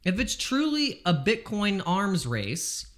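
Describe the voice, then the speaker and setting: A man live-streaming crypto trades in casual chat, excitable and exasperated, swearing freely as he talks. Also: sits high, slow.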